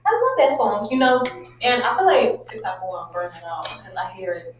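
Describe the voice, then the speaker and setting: A woman's voice: mid-range voice, big pitch swings, normal speed, faint music behind. A woman in her twenties co-hosting a podcast in casual chat, telling stories animatedly and laughing through them. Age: 20s. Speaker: podcast co-host. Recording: echoey room with faint hiss.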